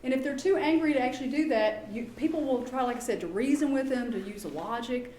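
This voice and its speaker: A woman giving a talk to parents as a behavior specialist. She is chatty and lively and often acts out quoted dialogue. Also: high-pitched, a little fast, roomy sound. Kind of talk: presentation to an audience.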